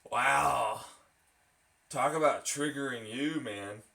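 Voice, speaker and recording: A man's voice: mid-range voice, slow, creaky, bright, forceful tone. A man ranting to camera in a profane, mocking, sarcastic way while pulling an espresso shot. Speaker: vlogger. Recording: echoey room, far from the mic.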